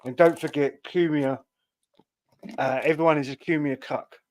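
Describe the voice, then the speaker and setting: A man's voice: fairly high pitch, steady tone, moderate pace. A man co-hosting a podcast, chatting casually and sarcastically picking apart a comedian's act. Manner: sarcastic, explaining. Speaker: podcast co-host. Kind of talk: casual chat.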